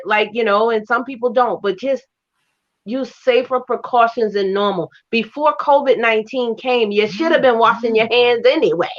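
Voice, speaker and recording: A woman's voice: on the high side, lo-fi sound. A woman speaking emotionally and emphatically in a casual chat, urging others to be careful. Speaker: guest.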